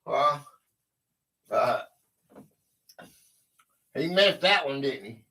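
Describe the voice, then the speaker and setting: A man's voice: medium pitch, animated, extremely slow, pushed and bright, poor audio. A man hosting a casual live game stream, reading quiz questions aloud with a drawl and chuckling at his own stumbles.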